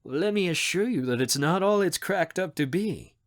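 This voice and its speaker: Man doing a suave, assured older manager in his fifties, genial and teasing, lively pitch, audiobook. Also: normal speed. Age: 50s. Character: polished older male hotel manager, smooth and charming.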